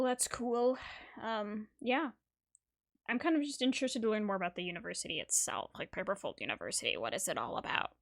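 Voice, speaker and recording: A woman in her twenties, a gaming creator giving casual reaction commentary, giggly and rambling, talking into a desk mic. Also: mid-range voice.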